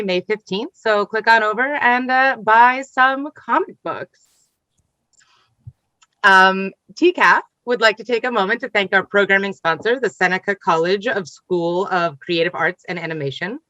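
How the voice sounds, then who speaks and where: A woman's voice: medium pitch, pushed and bright, no room sound, dull audio. A woman hosting a comics festival panel online, upbeat and chatty with frequent ums. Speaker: festival event host.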